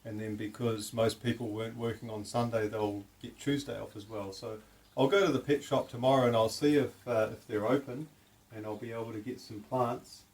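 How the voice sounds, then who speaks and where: A man chatting excitedly at home beside a fish tank, often cooing to his pet fish in a high sing-song voice. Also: moderate pace. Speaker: vlogger. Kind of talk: casual home vlog.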